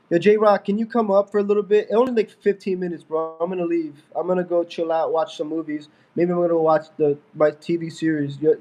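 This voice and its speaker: A young man trash-talks and laughs at a viewer during a casual livestream. His nose is stuffy from a fever. His voice sits a little high. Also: darkish tone, dull audio. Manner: mocking, trash-talking, laughing at a chat viewer.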